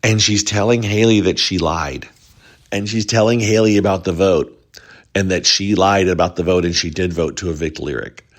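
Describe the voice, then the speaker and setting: A man's voice: deep voice, steady tone, normal speed. Chatty man recapping reality TV. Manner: chatty, rambling, quotes houseguests in lifted voices. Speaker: reality show recap host. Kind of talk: casual recap commentary.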